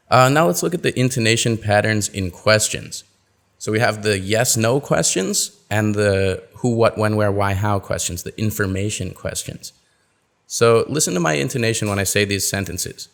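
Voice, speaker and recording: A man teaching pronunciation in a webinar, explaining and acting out example sentences in a lively, expressive way. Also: lowish voice, normal speed, gravelly. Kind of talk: webinar lesson.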